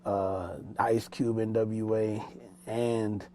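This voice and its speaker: Mellow-voiced producer telling studio stories. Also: male voice, on the low side, level tone, very slow, a little hiss or hum. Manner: loose, rambling telling with street slang and restarts. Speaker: music producer and mix engineer. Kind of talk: casual interview storytelling. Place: small studio room.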